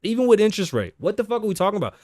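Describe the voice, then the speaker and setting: A man's voice: sits high, very animated, very fast, a little mellow, no echo, studio quality. A man hosting a casual talk show, reading news aloud and riffing on it bluntly with heavy swearing. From Las Vegas, Nevada (lives there). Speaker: podcast host.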